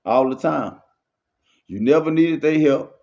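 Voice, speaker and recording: A man's voice: a little high, measured pace, gravelly, dark tone. A man giving a faith-based motivational monologue, repetitive and preachy, full of street slang. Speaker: motivational speaker. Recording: muffled lo-fi recording.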